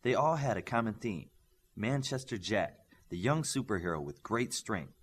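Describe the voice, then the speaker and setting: A man reading a novel aloud as an audiobook narrator, raising his voice for dialogue and dropping low for the speech tags. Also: lively intonation, normal speed, husky. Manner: lifts pitch and volume for dialogue, drops low for tags.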